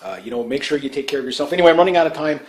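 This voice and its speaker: Canadian man, vlogger, rambling casual talk, lots of "uh" and "you know", trails off softly. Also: on the high side, rapid-fire, low-quality recording. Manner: rambling, many fillers and restarts, trailing off quietly. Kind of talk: casual off-the-cuff commentary.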